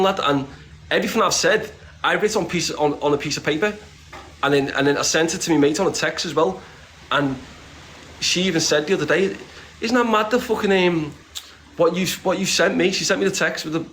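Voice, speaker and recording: A blunt, streetwise man chats casually as a guest, swearing freely as he talks. He rambles and restarts his sentences often. His voice sits a little higher than most men's. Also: quick pace, a bit bright, slight background noise. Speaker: interview guest. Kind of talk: casual conversation.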